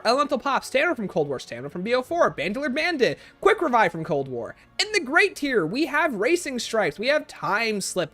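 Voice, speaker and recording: A man chatting casually on a gaming livestream, answering viewer comments and reeling off long lists in quick succession. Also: fairly bright tone. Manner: rapid-fire listing, sliding up and down in pitch.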